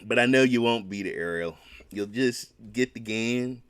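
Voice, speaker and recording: A man's voice: mid-range voice, moderate pace, fairly bright tone, clear, resonant tone. A man hosting a casual solo gaming podcast, rambling and emphatic, with many restarts.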